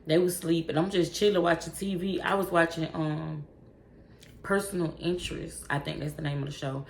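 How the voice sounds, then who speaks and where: A woman telling a story straight to camera in a blunt, profane, animated way. Her voice sits low and has a gravelly fry. The room is echoey and has a faint hiss of noise. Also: fairly quick. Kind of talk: casual storytime.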